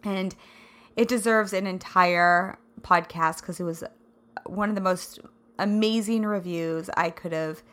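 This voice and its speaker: A woman from the Midwest hosting a casual solo podcast, bubbly and effusive, laughing often, her throat a little scratchy and raspy today. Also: fairly low pitch, measured pace, a bit bright. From American Midwest. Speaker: podcast host.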